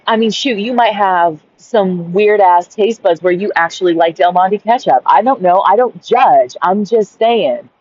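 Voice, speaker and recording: A woman's voice: on the low side, a little mellow. A woman recording a casual journal-style rant in her car by a busy street, exasperated and swearing, often asking "right?". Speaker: vlogger. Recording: dull lo-fi sound.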